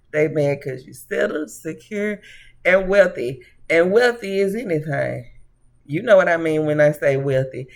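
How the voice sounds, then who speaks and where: Speaking to camera in a high, gravelly voice, a tarot reader gives a casual reading that's sassy and preachy. "Honey" and "baby" are how he addresses viewers, and he laughs easily and often as he goes.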